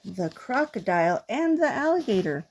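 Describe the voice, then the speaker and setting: An older woman, a grandmother, reading children's poems aloud in a playful, expressive way. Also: on the high side, normal speed. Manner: playful, expressive read-aloud with comic trailing-off.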